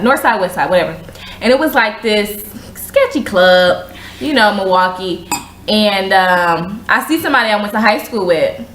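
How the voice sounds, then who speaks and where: Animated woman telling stories in an echoey room. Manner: animated, slangy, acts out quotes in a higher voice. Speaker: show host. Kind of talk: casual storytelling chat.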